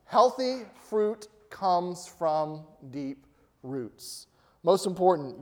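A man's voice: a little high, a little mellow. Preaching man in a reverberant hall. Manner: preaching, rising to emphatic peaks; asks the congregation questions. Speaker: pastor. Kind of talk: sermon.

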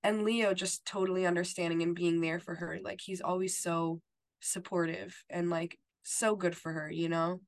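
A woman's voice: fairly low pitch, level tone, normal speed. A woman co-hosting a podcast, talking casually and emphatically, with lots of "like" and "you know". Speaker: podcast co-host. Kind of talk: casual chat recapping a TV episode.

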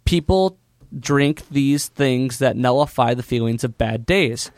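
A man on a podcast casually recapping a movie's plot, telling it loosely with fillers and quick impressions. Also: medium pitch, a little mellow, no room sound, clean studio sound. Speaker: podcast co-host.

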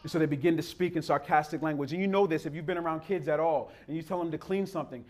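Impassioned high-voiced male preacher. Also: fast, few pauses. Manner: impassioned, building to near-shouts; repetitive, rhythmic preaching cadence. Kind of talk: sermon.

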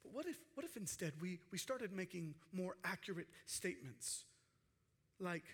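A man preaching a sermon with passion, acting out quoted cries and dropping to hushed tones for emphasis. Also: high voice, expressive, moderate pace, husky. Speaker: pastor.

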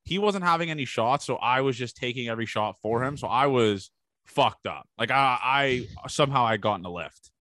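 In casual podcast chat, he tells meandering party stories, swearing often and performing what others said. The medium-pitched voice is animated, bright, and forceful, a little fast, with no echo.

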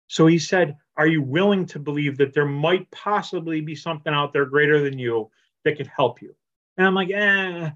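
A man shares his story at a recovery meeting, animated and casual, playing out each conversation as he goes. His voice sits a bit high for a man. The sound is muffled and lo-fi, as on a video call. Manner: animated storyteller acting out quoted dialogue. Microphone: computer mic on a video call.

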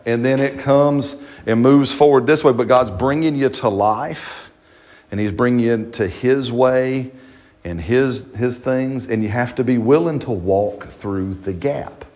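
A man's voice: mid-range voice, measured pace, darkish tone. A middle-aged male pastor preaching a sermon in a conversational, joking way, often checking in with the congregation. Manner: conversational, jokey, repeats and restarts, asks the congregation questions.

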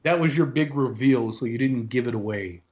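Man, podcast co-host, loose casual chat, mid pitch, dull lo-fi audio. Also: normal speed, a little mellow. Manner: conversational, reminiscing, loose. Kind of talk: casual movie review chat.

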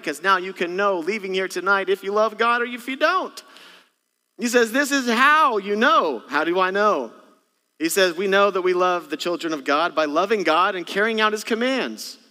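Bright high-voiced male pastor preaching. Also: moderate pace. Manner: animated preaching, acts out parent and child exchanges. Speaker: senior pastor. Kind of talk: Christmas Eve sermon. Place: church sanctuary. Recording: long church hall reverb.

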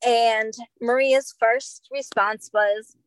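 A woman's voice: on the high side, fairly even intonation, slow, no room sound, low-quality recording. Podcast guest, a woman who works as a medium, tells her story casually, lots of "like" and "um", close dry sound. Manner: chatty, filler-heavy with frequent "like" and "um".

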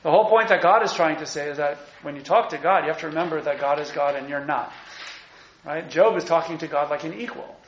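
A man giving a lively, conversational lecture on scripture and acting out the quotes, in a muffled, echoey room recording. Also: on the high side, fast talker, slight background noise. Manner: animated, conversational, acts out quotes. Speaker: teacher.

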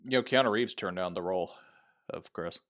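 Podcast co-host, man, animated, playful retelling, casual talk. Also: low voice, brisk. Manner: animated storytelling, acts out quotes. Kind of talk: casual movie discussion.

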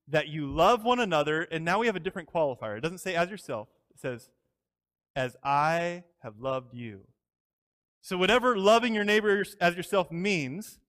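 High-voiced earnest male preacher. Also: a bit bright. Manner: earnest, emphatic, slows down on key phrases. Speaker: pastor. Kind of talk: sermon.

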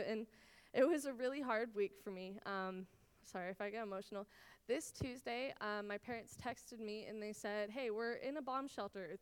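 A woman's voice: on the high side, clear, resonant tone, long reverb tail. A woman in her twenties from Israel, teaching a Bible study in an earnest, personal way with lots of "like"s. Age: 20s. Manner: earnest and personal, many "like"s, emotional at times.

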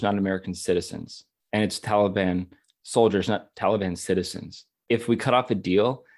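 A man co-hosts a casual podcast discussion in a fairly low voice. He argues with strong feeling and open frustration, doubling up words as he presses his point. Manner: impassioned, repeats words when worked up. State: emotional and frustrated. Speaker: podcast co-host.

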